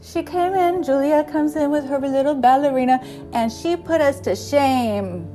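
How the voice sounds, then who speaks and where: A woman with a fairly high voice hosts an episode, rambling chattily through her stories. She chuckles along as she goes. Soft music plays faintly behind her. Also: normal speed. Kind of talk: casual storytelling.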